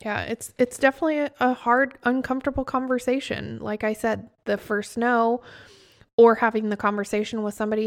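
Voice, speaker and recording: A woman's voice: on the high side, fairly even intonation, a little fast. A young adult woman co-hosting a casual podcast, telling stories and acting out what people said. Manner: storytelling, acts out quoted dialogue. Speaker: podcast co-host.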